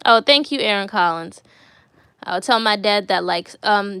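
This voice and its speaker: A woman's voice: mid-range voice, unhurried, bright, forceful tone, clean tone, no echo. A young woman vlogger telling stories in a casual, chatty way, repeating words for emphasis. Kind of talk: casual chat to viewers.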